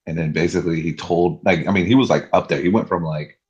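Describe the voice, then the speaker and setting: A man's voice: sits low, steady tone, fast, darkish tone, slightly rough, highs cut off. A man in casual podcast chat, retelling a story loosely with lots of fillers.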